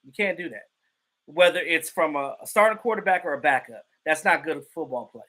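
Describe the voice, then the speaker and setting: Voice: mid-range voice, brisk, pushed and bright. A live stream host giving casual sports commentary and greeting chat viewers. The host is emphatic and profane and repeats points for effect.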